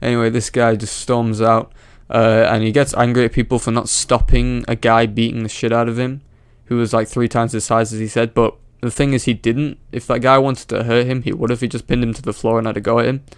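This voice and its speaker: A man delivers swearing, mocking commentary on a viral clip in a flat, monotone voice. His voice is smooth and clear. It is recorded close to the mic in a dry room. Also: mid-range voice, a little fast, hardly any pauses, no room sound. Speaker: reaction video commentator. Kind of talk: sarcastic reaction commentary.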